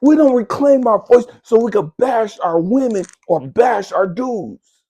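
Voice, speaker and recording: A man's voice: very high voice, expressive, measured pace, warm tone. A man, a spiritual coach, delivering a fierce, profane motivational monologue in a preaching, scolding manner.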